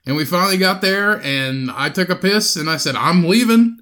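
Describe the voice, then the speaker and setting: A young man co-hosting a podcast, telling a profane, animated story in casual chat and acting out the quotes. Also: high voice, normal speed. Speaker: podcast co-host.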